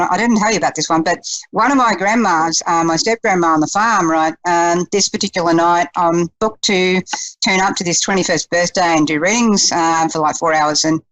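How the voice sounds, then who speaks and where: A woman's voice: lowish voice, moderate pace, a bit bright, dry recording, poor audio. A woman, a psychic medium chatting on a radio talk show, with lots of fillers and laughter.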